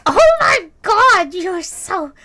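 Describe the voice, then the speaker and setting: A woman imitating a tipsy, sweet old woman who gushes in drawn-out, squealing exclamations. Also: very high voice, very animated, bright, forceful tone, voice pushed up, exaggerated voice. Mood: gushing.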